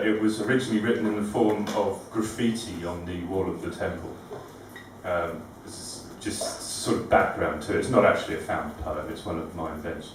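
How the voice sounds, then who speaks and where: A man performing his own rhyming poems at a live event, with a rhythmic, deliberate and witty delivery. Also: fairly low pitch, distant mic, slight background noise. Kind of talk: rhyming poetry recitation. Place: live venue room. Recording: very echoey room, recorded from afar.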